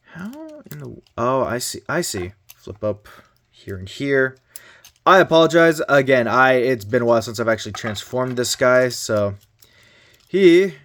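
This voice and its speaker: A man's voice: medium pitch, a bit bright. A man from Canada casually reviewing a toy, chatty and joking, with mild exasperated exclamations as he handles it.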